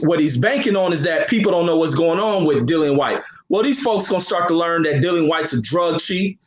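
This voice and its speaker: A man's voice: a little high, reverberant, rough recording. A man co-hosting a live boxing talk stream, emphatic and rambling, with frequent filler sounds.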